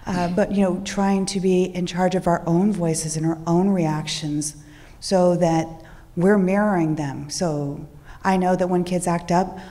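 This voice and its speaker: A woman speaking as a social worker on a panel, in a calm, soft, steady voice. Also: lowish voice, measured pace, long reverb tail. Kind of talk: panel talk.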